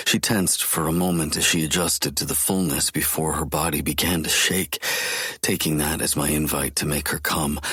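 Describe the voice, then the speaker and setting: A man narrating a first-person romance audiobook in a low, intense voice. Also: pushed and bright, dry recording, studio quality. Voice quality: very deep, husky.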